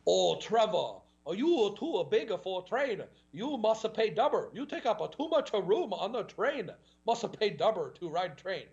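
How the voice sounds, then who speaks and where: A man putting on a mocking voice in exaggerated broken English, high and teasing. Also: big pitch swings, unhurried, gravelly, hardly any pauses, darkish tone, highs cut off, full character voice.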